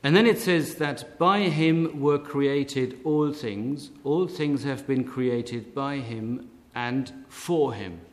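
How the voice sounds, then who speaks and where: A man preaching a sermon slowly and deliberately, lifting his voice on key words. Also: mid-range voice. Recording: long hall reverb.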